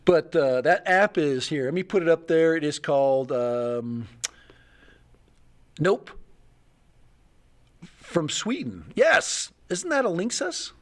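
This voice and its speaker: A middle-aged man chats on a casual livestream, his voice sitting a little higher than most men's. He rambles, thinks aloud and chuckles as he goes. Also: lively intonation, takes it slowly, long pauses. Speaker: livestream host.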